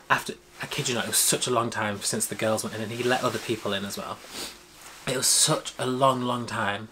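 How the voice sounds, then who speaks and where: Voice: mid-range voice, normal speed, sharp tone, slight background noise. A young adult telling a casual storytime, acting out quoted dialogue with big, dramatic jumps in voice. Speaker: vlogger.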